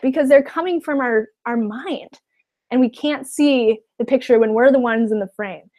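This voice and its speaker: A woman's voice: on the high side, a little mellow. A woman life coach giving a webinar talk, encouraging, often checking in with "okay?" and acting out the voices of others.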